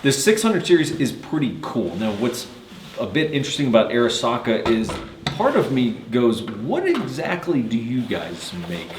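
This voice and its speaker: A man's voice: mid-range voice, huge pitch swings, moderate pace, roomy sound, noisy background. A man hosting a firearms gear channel, joking and rambling with many fillers in casual review chat, in a cold shoot house.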